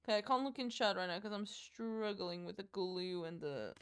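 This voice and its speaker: A woman's voice: medium pitch, moderate pace, a bit bright, smooth. A woman streamer chatting casually to her viewers while she does her makeup. She is dramatic, swears freely and laughs easily. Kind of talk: casual live-stream chat.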